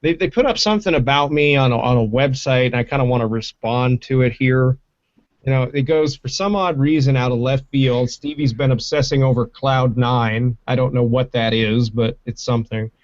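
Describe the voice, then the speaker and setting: A man hosting a casual livestream through a desk mic and mixer, talking in a profane, rambling, animated way. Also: mid-range voice, moderate pace. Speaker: livestream host. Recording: dull lo-fi stream mic.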